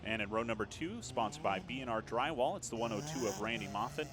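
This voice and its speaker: A man's voice: fairly low pitch, lively intonation, fast, noisy background. A man co-commentator reading out a starting lineup on a race broadcast.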